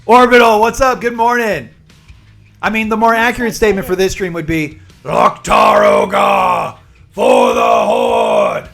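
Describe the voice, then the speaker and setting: High-voiced chatty male streamer. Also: brisk, a bit bright, faint music behind. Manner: chatty, rambling storyteller who explains jargon. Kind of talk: casual live-stream chat and storytelling.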